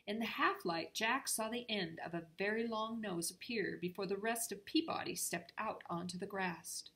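A woman reading a children's storybook aloud in a calm, measured way. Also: medium pitch.

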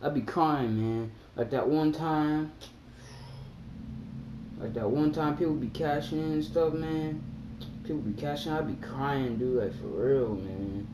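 A young man chatting casually about wrestling on his vlog, excitable and acting out his reactions with sudden high yelps. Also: unhurried. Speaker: vlogger. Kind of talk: casual wrestling chat to camera. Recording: echoey room with faint background hum.

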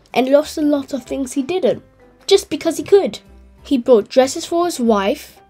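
A woman hosting a channel and reading a children's story aloud in a gentle, clear way. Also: high-pitched. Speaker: host and storyteller.

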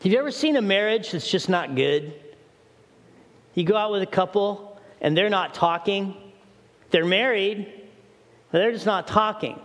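Male pastor, high tenor, emphatic sermon delivery, echoing sanctuary. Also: animated, normal speed, long pauses, a bit bright. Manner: preaching with acted prayers and rising emphasis. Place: church sanctuary.

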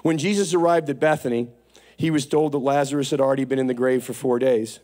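A man preaching a sermon with impassioned, repetitive calls, swinging from hushed to shouting. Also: medium pitch, fairly even intonation, fast talker.

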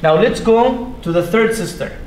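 Patient male classroom teacher, high voice, roomy mosque hall, faint rumble. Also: lively intonation, a little mellow. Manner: patient, repeats sounds slowly, asks the class questions. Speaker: Arabic teacher. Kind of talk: classroom lesson. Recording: echoey room with faint rumble.

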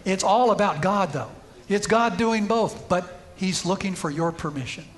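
High-pitched male preacher, storytelling sermon with emphatic peaks, church setting. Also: normal speed. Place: church sanctuary.

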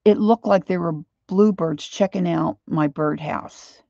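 A woman's voice: fairly low pitch, a little slow, vocal fry, dry recording, highs cut off. A woman with a Philadelphia accent, chatting in a rambling, friendly way as she wraps up an art journaling livestream. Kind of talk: casual chat.

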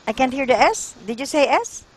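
A woman's voice: sits high, sing-song, a little fast, slightly rough, poor audio. A woman teaching an English lesson over a video call, encouraging and correcting pronunciation.

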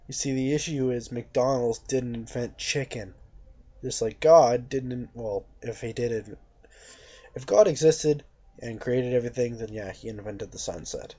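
A man's voice: mid-range voice, measured pace, dark tone. A young man delivering a blunt, profane, mocking rant to camera as a vlogger. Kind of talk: ranting monologue to camera. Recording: dull lo-fi recording.

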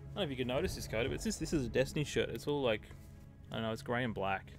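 A man's voice: medium pitch, lively intonation, racing, music in the background. A man streaming a shooter game, chatting casually with his viewers and calling them mate. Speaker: live streamer. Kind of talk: casual gameplay commentary talking to chat. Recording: loud game gunfire behind voice. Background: battle gunfire and vehicles.

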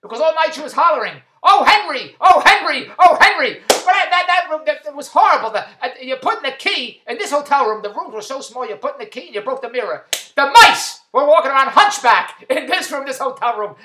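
A man's voice: very high-pitched, lively intonation, background noise. Joke-cracking middle-aged man, echoey room. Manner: rapid-fire old-school joke telling, repeating punchlines. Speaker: husband sending a birthday message. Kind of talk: comic birthday monologue of one-liner jokes.

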